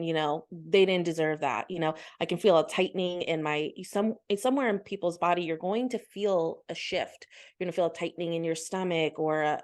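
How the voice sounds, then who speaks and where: A woman guest on a podcast, earnestly explaining her healing practice and voicing her own inner thoughts as she goes. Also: on the low side. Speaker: podcast guest, spiritual healer. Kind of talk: conversational interview.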